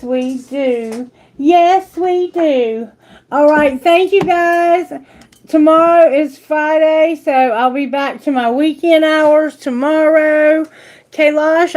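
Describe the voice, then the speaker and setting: A woman hosting a live tarot stream, talking slowly in a loose, rambling way. Her voice sits a little high and she chats with the viewers warmly and casually. She sounds like she is speaking into a webcam at her desk. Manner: affectionate, rambling, baby talk to pets. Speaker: tarot reader.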